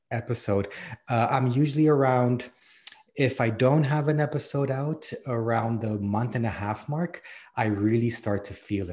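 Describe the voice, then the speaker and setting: A man's voice: fairly low pitch, a little mellow. A man from Canada, a guest in a casual interview, talking in an easygoing way and laughing often. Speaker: podcast host, guest.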